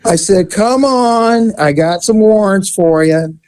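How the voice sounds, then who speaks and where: A man and former police officer, telling a story in a casual, animated way and acting out the voices in it. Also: sits high, unhurried, dry recording. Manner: animated, acts out voices in his stories.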